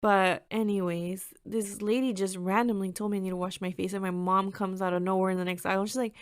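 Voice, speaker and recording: A woman's voice: medium pitch, quick pace, few pauses, clean tone, no echo. Woman, twenties, podcast host, casual storytelling, chatty, laughs and swears, dry close sound.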